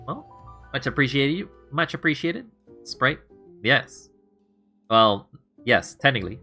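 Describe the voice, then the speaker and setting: A male streamer rambles casually to his chat while playing, often breaking into laughter. His voice is bright and forward at a middle pitch. Faint music plays behind him. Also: lively intonation, measured pace.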